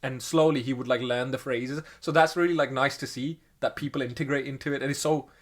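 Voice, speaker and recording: A man's voice: medium pitch, fairly even intonation, fairly quick. A man co-hosting a podcast, talking casually in a rambling, self-correcting way with frequent chuckles. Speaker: podcast co-host. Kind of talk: casual chat.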